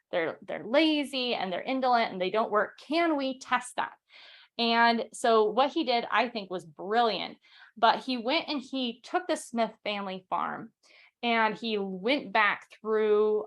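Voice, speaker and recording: A young woman with a mid-range voice hosts a casual history podcast from a home setup. She's chatty and quick, full of fillers and restarts, and reads quotes aloud.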